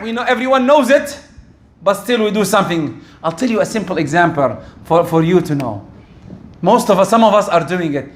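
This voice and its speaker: A middle-aged preacher with a high, somewhat bright voice delivers a sermon, posing rhetorical questions and dropping Arabic religious terms into what he says.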